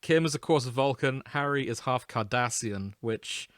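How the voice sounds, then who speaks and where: A man's voice: medium pitch, normal speed, a bit bright, dry recording. A man co-hosting a podcast in casual chat, playful and crude, laughing often. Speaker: podcast co-host.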